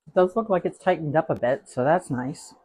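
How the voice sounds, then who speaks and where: A man's voice: fairly high pitch, brisk, darkish tone, slight background noise. A man hosting a live cooking stream, chatting casually and rambling as he tastes the food. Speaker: cooking show host.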